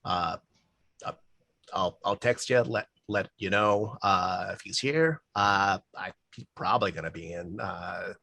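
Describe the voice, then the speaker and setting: A man voicing a casual, helpful café worker in a loose attempt at a Boston accent, low-pitched and a bit husky. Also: big pitch swings, a little fast, hardly any pauses, bright, forceful tone, no room sound, exaggerated voice. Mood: easygoing.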